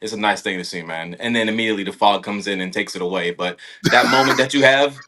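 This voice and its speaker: Male podcast guest from California, dancer, relaxed storyteller with a low, bright voice. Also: fast talker. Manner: laid-back storyteller with dry humor. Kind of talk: casual chat.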